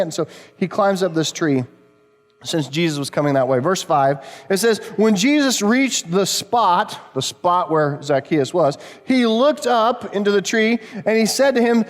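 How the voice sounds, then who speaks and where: A man's voice: sits high, expressive, measured pace. A middle-aged man preaching a sermon as pastor, in a conversational storytelling way, sometimes speaking to the children. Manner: conversational, storytelling, addresses kids. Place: church sanctuary. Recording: long reverb of a church hall.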